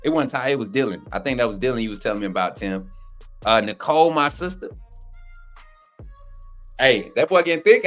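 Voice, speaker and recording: A man's voice: mid-range voice, a bit bright. A man co-hosting a livestream, hyped and slangy, calling out chat names. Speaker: co-host. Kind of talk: casual livestream shout-outs.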